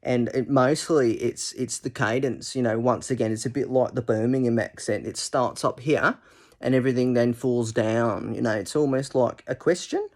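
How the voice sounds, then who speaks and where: A man's voice: mid-range voice, a little mellow, natural voice. Laid-back aussie bloke, drawly, lines trail down, man putting it on. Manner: slow, drawling, falling cadence.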